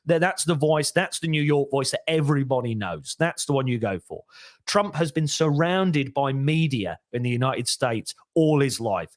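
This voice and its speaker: A man's voice: a little high, normal speed, dry recording, studio quality. A man, a comedian and impressionist, chatting as a podcast guest, rambling with frequent restarts and self-deprecating remarks. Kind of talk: casual podcast interview.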